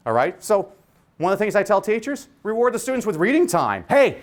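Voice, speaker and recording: A man's voice: high-pitched, very animated, brisk. A man who is a teacher, giving a joking, preacher-like keynote speech. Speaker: teacher giving a conference talk.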